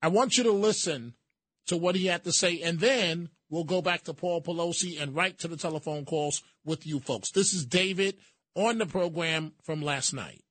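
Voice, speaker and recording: A man's voice: a little high, moderate pace, fairly bright tone, no room sound. A man hosting a call-in radio show, talking steadily and turning hesitant and sympathetic with callers. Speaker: radio talk show host. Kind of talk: talk radio. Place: radio studio. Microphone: studio mic.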